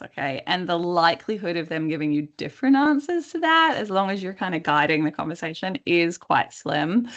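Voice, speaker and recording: A woman coach leads a workplace webinar in a slightly low voice. She talks conversationally and keeps checking in with her listeners. She often slips into acted-out snippets of dialogue. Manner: lively, acts out quoted dialogue. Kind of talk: webinar teaching.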